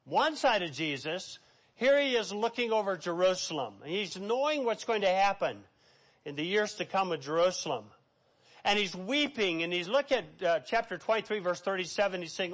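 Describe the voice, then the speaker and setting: High-voiced preaching man. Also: animated, normal speed, a bit bright. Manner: preachy, dramatic, reads scripture aloud, acts out quotes. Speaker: pastor. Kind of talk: sermon.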